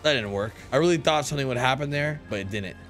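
A young man giving excitable gameplay commentary, calling out to his viewers and exclaiming at what he finds. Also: mid-range voice, quick pace, faint music behind. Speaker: gaming YouTuber.

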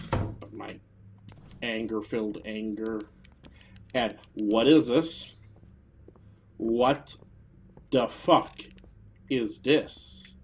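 A man giving let's play commentary on a horror game, swinging between muttered grumbles and angry yelled curses. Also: fairly low pitch, muffled recording, slight background noise. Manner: swings from mutters and whispers to angry shouting, swears a lot. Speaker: gaming video host.

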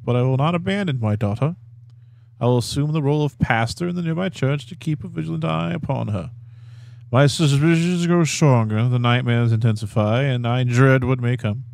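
A man's voice: medium pitch, brisk, gravelly, darkish tone, dry recording, natural voice. A man voicing a grieving middle-aged male ex-priest reading his own letter, in a put-on Italian accent. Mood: dread-filled. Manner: reading aloud a dramatic letter, stumbling and laughing at times.

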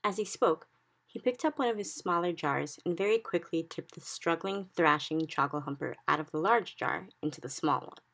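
A woman reading a children's book aloud in steady narration. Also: lowish voice, normal speed, creaky. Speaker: reader. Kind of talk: storybook read-aloud.

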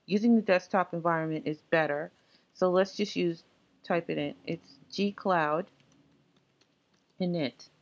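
A woman presenting a screencast software tutorial, explaining setup steps casually with frequent ums and uhs. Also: on the low side, lo-fi sound.

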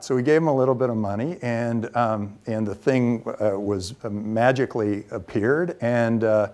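A man who is a venture capitalist, telling lively anecdotes in a talk to students, with frequent ums and restarts. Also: mid-range voice, moderate pace, few pauses. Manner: lively storyteller who acts out quoted dialogue.

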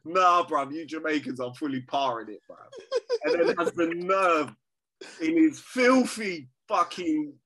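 A man, his voice slightly high and bright. He banters over a call in an animated, teasing way and swears freely. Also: measured pace. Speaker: podcast co-host. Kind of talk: casual banter.

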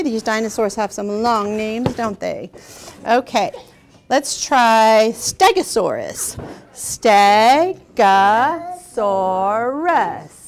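A woman's voice: on the high side, slight background noise. A young woman hosting a children's show, teaching young kids in a patient, encouraging way and asking them questions.

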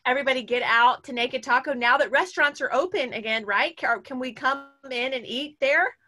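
Bright, upbeat webinar host woman. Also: high-pitched. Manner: enthusiastic, quick short reactions. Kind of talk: webinar hosting.

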